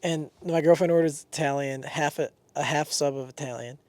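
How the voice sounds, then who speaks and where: Young male co-host, slightly higher voice, excitable and laughing, swears freely, dry close recording. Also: brisk, no room sound. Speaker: podcast co-host. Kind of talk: casual chat.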